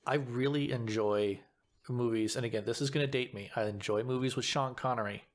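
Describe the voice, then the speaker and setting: A man chatting on a podcast as the guest, and his voice sits at an ordinary middle pitch. He thinks aloud, stops partway through phrases and starts them again before he finds his point. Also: steady tone. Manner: thoughtful, halting, frequent restarts. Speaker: guest actor. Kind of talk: casual podcast chat.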